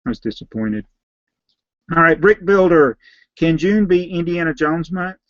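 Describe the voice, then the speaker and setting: Man, Southern US accent, slightly hoarse, offhand casual Q&A host, dry dull lo-fi sound. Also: fairly high pitch, expressive, measured pace, dry recording. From Southern United States. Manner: reads out viewer names and questions, then answers in a rambling, offhand way. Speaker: YouTube host answering viewer questions. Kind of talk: casual live Q&A.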